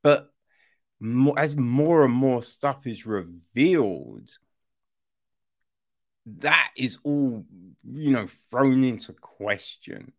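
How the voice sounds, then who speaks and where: A man's voice: medium pitch, expressive, extremely slow, long pauses. A man giving a casual spoken film review, often tagging his points with "right?" and "you know". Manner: conversational, keeps asking "right?"; swears casually.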